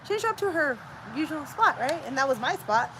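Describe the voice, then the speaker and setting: A woman's voice: high-pitched, a little fast, noisy background. A middle-aged woman hosting a casual chat, telling a story and acting out the voices of the people in it, with bits of Spanish mixed in. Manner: animated, acts out quoted voices, mixes in Spanish. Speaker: host.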